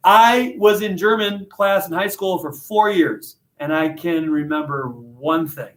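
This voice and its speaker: Joking teacher, echoey classroom. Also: male voice, high voice, a little slow. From United States. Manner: jokey, animated, self-deprecating. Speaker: high school literature teacher. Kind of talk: classroom discussion and storytelling.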